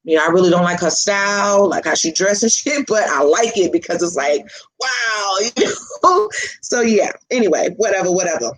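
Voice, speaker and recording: Woman spiritual reader, casual livestream chat, rambling and loose with frequent laughter, medium pitch. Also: animated, normal speed, low-quality recording. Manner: chatty and rambling, swears casually, laughs often.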